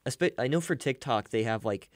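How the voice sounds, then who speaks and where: A young man co-hosting a casual sports podcast, chatty and quick to laugh, with lots of fillers. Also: medium pitch, expressive, dry recording, studio quality. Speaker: podcast co-host.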